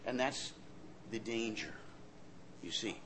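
A man preaching a sermon in an earnest way, often repeating words as he searches for the next thought, his loudness rising and falling. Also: fairly low pitch, lively intonation, takes it slowly, creaky, slight background noise.

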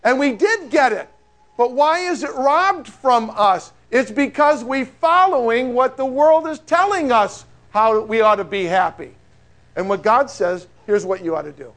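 Male pastor, middle-aged, high voice; lively conversational sermon, asks the congregation questions. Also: a little slow. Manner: animated, conversational preaching with rhetorical questions.

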